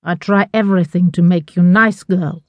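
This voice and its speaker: A woman's voice: lowish voice, steady tone, normal speed, darkish tone, no room sound, dull audio, close to an everyday voice. A woman voicing a glamorous, scheming Russian mother with a Russian accent who speaks broken English in a commanding way. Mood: coaxing.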